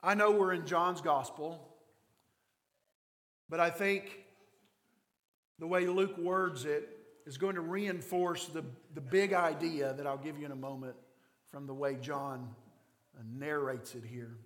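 Male pastor, Kentucky mountain accent, slightly higher voice, animated sermon, long hall reverb. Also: measured pace, pauses often. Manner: animated storytelling, acts out quoted voices.

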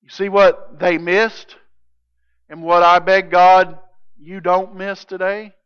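A male pastor preaching with a high, bright, ringing voice that is smooth and clear. He drives his points home emphatically, swinging between loud declarations and hushed intensity. The sound is slightly dull and lo-fi. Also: level tone, slow pace. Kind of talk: sermon.

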